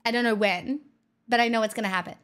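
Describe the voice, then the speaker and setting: A woman's voice: fairly high pitch, steady tone, fast, fairly bright tone, smooth. A young adult woman streaming, reading chat aloud in a playful, teasing casual chat.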